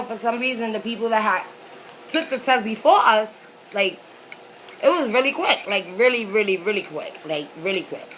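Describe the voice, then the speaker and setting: A woman's voice: medium pitch, pushed and bright, a little hiss or hum, poor audio. A woman vlogger telling a story in a chatty, rambling way while she eats, with lots of fillers. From New York City. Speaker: mukbang vlogger. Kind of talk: casual storytelling while eating.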